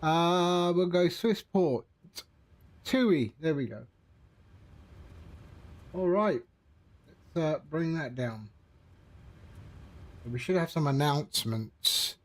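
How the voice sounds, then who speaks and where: High-voiced, unhurried man streaming. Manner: relaxed, rambling, chatting to viewers. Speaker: flight sim streamer. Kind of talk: casual live-stream commentary.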